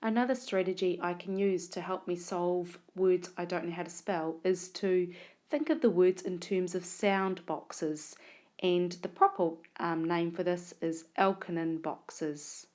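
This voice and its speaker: A woman teacher narrating a whiteboard spelling lesson, sounding out words and letters slowly and deliberately, recorded on a tablet. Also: lowish voice, steady tone, darkish tone.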